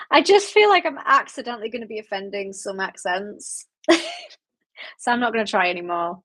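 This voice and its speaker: A higher-pitched woman in her late twenties speaks with a Yorkshire accent. She hosts a casual livestream and answers her viewers in a chatty, rambling way. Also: animated, normal speed, long pauses, fairly bright tone. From Yorkshire, England. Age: late 20s. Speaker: book club livestream host. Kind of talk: casual livestream chat reading viewer comments.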